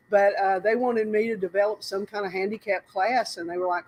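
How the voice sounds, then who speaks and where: A woman's voice: medium pitch, fairly even intonation, brisk, few pauses, a little mellow, slight background noise, low-quality recording. An older woman from North Carolina, telling stories in a casual, rambling interview, often breaking off and laughing. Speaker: interview guest. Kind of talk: casual storytelling.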